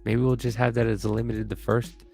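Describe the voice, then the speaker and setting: A man co-hosting a casual podcast, profane and animated, jumping into a high yell when worked up. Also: fairly quick, vocal fry, soft background music. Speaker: podcast co-host.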